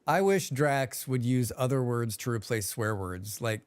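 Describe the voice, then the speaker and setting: A man's voice: mid-range voice, measured pace, clean tone, no room sound. A man streaming a game, chatting with his viewers in a joking, rambling way and humming to himself. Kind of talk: casual livestream chat.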